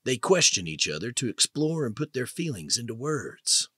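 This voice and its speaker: A man narrating an audiobook in a dramatic, expressive way. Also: medium pitch, moderate pace, husky, dry recording, studio quality. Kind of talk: scripted narration.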